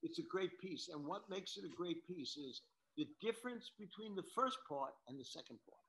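A man's voice: high-pitched, lively intonation, moderate pace, fairly bright tone, low-quality recording. A man from New York coaching a piano student, singing phrases on "da" syllables to show emphasis. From New York, USA. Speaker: piano teacher. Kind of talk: masterclass coaching.

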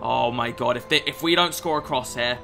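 A man's voice: mid-range voice, fairly quick, gravelly, sharp tone, faint music behind. A young man giving sweary, exasperated commentary over his own video game match. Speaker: gaming YouTuber. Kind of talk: gameplay commentary.

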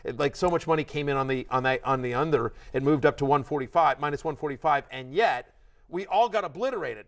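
A man co-hosting a fantasy football show, talking in an excitable, rambling way with lots of restarts. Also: fairly high pitch, fast. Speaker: fantasy football analyst and co-host. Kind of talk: animated sports podcast chat. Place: studio.

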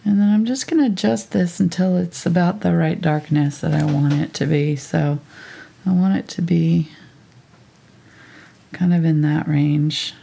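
A woman teaching a live painting tutorial step by step, thinking aloud as she works in a relaxed, chatty way. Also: lowish voice, measured pace, vocal fry, slightly rough. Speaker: painting instructor.

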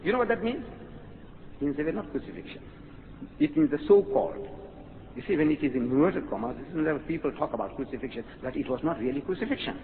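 Animated man lecturing in a hall. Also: on the high side, quick pace. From South Africa. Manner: animated, rhetorical questions, acts out quotes. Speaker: religious lecturer. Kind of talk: public lecture. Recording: tinny lo-fi hall recording with faint hiss.

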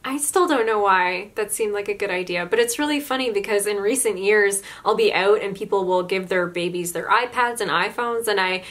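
A woman in her twenties telling stories casually to camera, animated, laughing often and saying "like" a lot. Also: medium pitch, moderate pace, hardly any pauses. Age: 20s. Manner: lots of "like" fillers, chatty. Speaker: YouTuber. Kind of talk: casual storytelling vlog.

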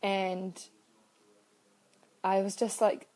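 A woman's voice: medium pitch, level tone, extremely slow, a little mellow. A young woman hosting a casual, heartfelt live stream as a personal-growth coach. She speaks candidly and emotionally, swears freely, and greets her viewers by name.

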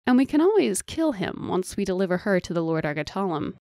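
A woman's voice: medium pitch, big pitch swings, brisk, a little mellow, no room sound, clean studio sound. A woman voicing a ruthless female captor who speaks cold and matter-of-fact. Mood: coldly practical.

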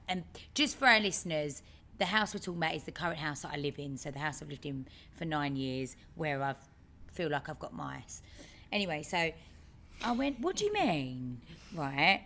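A woman co-hosting a podcast, telling a story in a lively way and acting out other people's lines. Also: deep voice, moderate pace. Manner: animated storyteller, acts out her dad's lines. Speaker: podcast co-host. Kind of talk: casual chat, storytelling.

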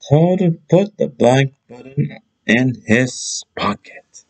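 A man reading a children's bedtime story aloud in an expressive, deliberate way. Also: medium pitch, rough recording.

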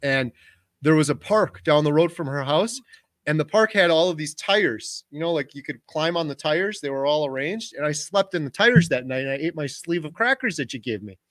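Man in his 40s, livestream host, lively storyteller, fairly high voice, dry close sound. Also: normal speed, dry recording. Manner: animated storytelling, talks over his wife. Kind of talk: casual livestream chat.

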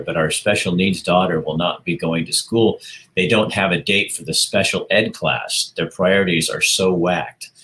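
Brief: male livestream host, deep voice, chatty and rambling, reads comments out loud. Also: rough recording. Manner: chatty, rambling, laughs often. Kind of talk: casual chat reading viewer comments aloud.

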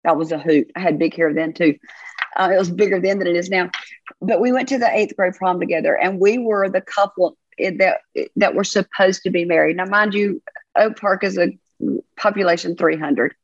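A woman's voice: fairly low pitch, brisk, no echo, highs cut off. A woman with a Southern accent, a pastor guesting on a podcast, telling stories in a chatty, folksy way and laughing easily. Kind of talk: casual storytelling chat.

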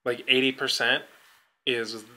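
A man in his twenties with a very bright, sharp tone, chatting casually as a podcast co-host. He rambles, leans on "like" constantly, and often trails off low and quiet. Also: little pitch movement, a little slow. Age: 20s. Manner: rambling, heavy use of "like", mumbles low. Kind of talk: casual chat.

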